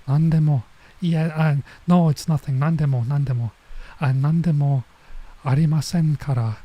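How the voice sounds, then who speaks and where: A woman's voice: low voice, fairly even intonation, dark tone, no room sound. A man voicing a young girl from a comic, hurriedly insisting over and over that nothing is wrong. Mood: flustered. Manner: hurried, repeating denials.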